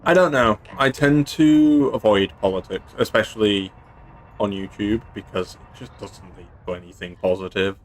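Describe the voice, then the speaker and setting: A man's voice: fairly low pitch, moderate pace. A man from England casually chatting through a game stream, playful and chatty, throwing in silly sound effects. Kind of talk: casual gameplay commentary.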